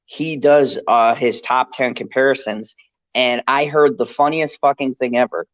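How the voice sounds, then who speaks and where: A man's voice: mid-range voice, measured pace, dry recording, muffled recording. A man co-hosting a live pop culture stream, talking casually and ranting with lots of swearing. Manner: animated, profane, ranting.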